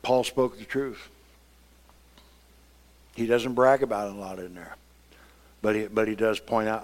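A man preaching a sermon, swinging between quiet, conversational passages and loud, impassioned outbursts. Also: on the low side, steady tone, a little slow, pauses often. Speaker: pastor.

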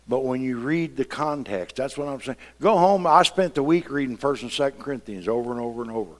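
A man preaching a sermon, swinging between quiet, conversational passages and loud, impassioned outbursts. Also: medium pitch, animated, brisk, few pauses. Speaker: pastor.

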